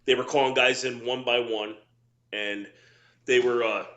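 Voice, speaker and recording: A man's voice: mid-range voice, steady tone, measured pace, fairly bright tone, echoey room, muffled recording. A middle-aged man, a former wrestler, telling rambling anecdotes full of quoted dialogue in a casual interview.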